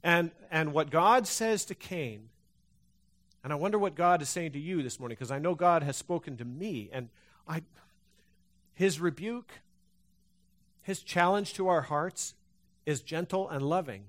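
A man's voice: a little high, measured pace, pauses often, a bit bright. A man preaching a sermon to a congregation, talking conversationally with frequent restarts and fillers. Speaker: pastor. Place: church hall before a congregation.

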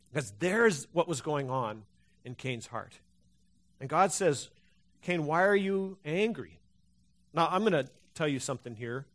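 A man preaching a sermon as pastor, in a conversational, animated way with frequent restarts. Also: on the high side.

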